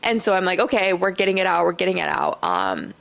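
A woman's voice: lowish voice, sing-song, fast, vocal fry, a bit bright. A young woman from Iowa hosting a casual solo podcast, talking candidly with lots of "like" and "um", and laughing often. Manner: chatty, candid, full of fillers, laughs often. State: tearful, choked up. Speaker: podcast host.

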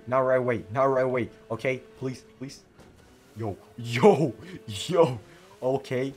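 Excitable man narrating his gameplay. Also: medium pitch, slow pace. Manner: excitable, frequent exclamations and slang. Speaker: gaming YouTuber. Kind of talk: let's play commentary.

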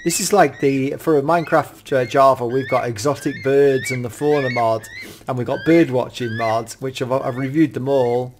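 A British man giving casual, excitable gameplay commentary as a YouTube reviewer, often gasping and exclaiming in wonder. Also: mid-range voice, moderate pace, a little hiss or hum. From United Kingdom.

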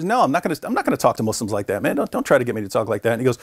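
Brief: male interview guest, mid-pitched, animated storyteller who acts out quotes, dry close recording. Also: racing, few pauses, slightly rough, dry recording. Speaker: guest, Christian apologist. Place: conference venue.

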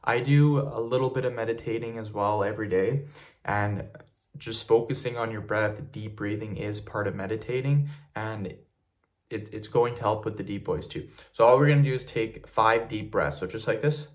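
A man's voice: lowish voice, normal speed. A young man talking casually to camera in a fitness vlog, explaining simple exercises in a plain, repetitive way with frequent fillers. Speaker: fitness video creator. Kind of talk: casual tutorial talk to camera.

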